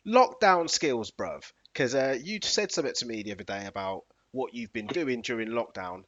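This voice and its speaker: A man's voice: medium pitch, expressive, moderate pace, a bit bright. A man co-hosting a casual chat, trading easygoing banter and laughing often. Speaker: podcast co-host. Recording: muffled lo-fi recording.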